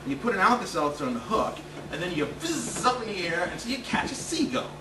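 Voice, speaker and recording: Comedian guy on stage telling a wild story, fairly high voice, echoey room, mic a bit far. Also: quick pace. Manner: animated, building excitement. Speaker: stand-up comedian. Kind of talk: comic storytelling. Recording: roomy stage sound, distant mic, noisy.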